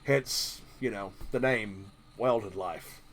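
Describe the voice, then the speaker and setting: A man's voice: fairly low pitch, slow pace, fairly bright tone, slight background noise. A man from Kentucky with a Southern drawl, hosting a casual live stream and rambling along jokingly with lots of fillers. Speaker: livestream host.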